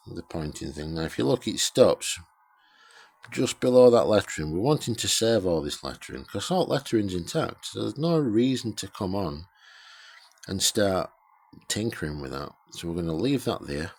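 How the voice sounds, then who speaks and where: A man rambling through a casual workshop vlog about restoring a radio, swearing freely and joking about himself as he gives shout-outs. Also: sits low, sing-song, normal speed, creaky. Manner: rambling, sweary, self-deprecating.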